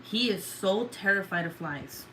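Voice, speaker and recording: A woman's voice: mid-range voice, expressive, measured pace, bright, forceful tone, slight background noise, poor audio. A woman in her thirties chatting casually with viewers, swearing, rambling and laughing often. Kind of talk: casual chat.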